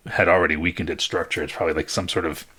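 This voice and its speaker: A man narrating a tabletop game as game master, laid-back and pausing often with fillers. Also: sits low, flat delivery, bright, forceful tone, breathy edge.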